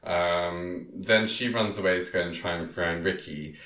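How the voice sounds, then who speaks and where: This is a low, deep-voiced man chatting casually in a roomy, echoey space. His tone is bright and forward, and he rambles along with lots of ums and laughter. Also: a little slow. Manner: rambling, many ums, laughs often, quotes characters in silly voices. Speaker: podcast co-host recapping a film. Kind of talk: casual chat.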